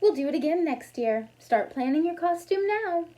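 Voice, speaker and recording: A woman reading aloud as a bossy middle-aged hostess, announcing loudly and brightly. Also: very high voice, expressive, moderate pace, pitched above the performer's own voice, low-quality recording. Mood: cheerful. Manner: loud, announcing.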